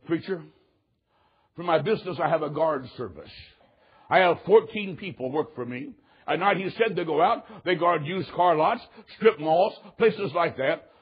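A man preaching a sermon, telling a story in an animated way that swings from loud outbursts to hushed moments. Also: sits high, a little fast, breathy edge, lo-fi sound.

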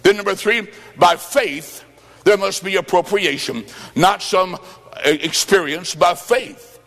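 A man preaching a revival sermon in a high voice. He bursts into shouts and then sinks to low, quiet tones. His voice rings with the long reverb of a church sanctuary. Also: takes it slowly.

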